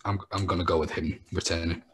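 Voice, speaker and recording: Deep-voiced man, blunt and sweary. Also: fast talker, breathy edge. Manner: blunt, sweary, deadpan banter. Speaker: podcast co-host. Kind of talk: casual wrestling chat.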